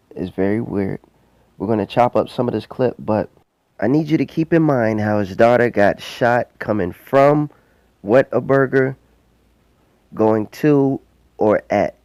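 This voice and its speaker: A man with a Southern US accent doing commentary, speaking in a skeptical, insinuating and deliberate way. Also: lowish voice, darkish tone, dry recording. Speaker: online commentator. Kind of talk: commentary video.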